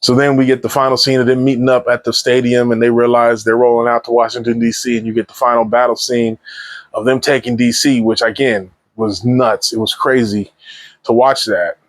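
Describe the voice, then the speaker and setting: This is a casual, spoiler-heavy movie review from a man who recounts scenes animatedly, wandering off course, using slang, and restarting often. The recording is dry, and his medium-pitched voice moves fairly quickly.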